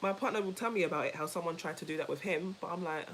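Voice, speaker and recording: Animated woman telling a story, low voice. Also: rapid-fire, slight background noise, rough recording. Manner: animated, emphatic storyteller who repeats herself; laughs easily while talking. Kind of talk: casual chat with a co-host and viewers.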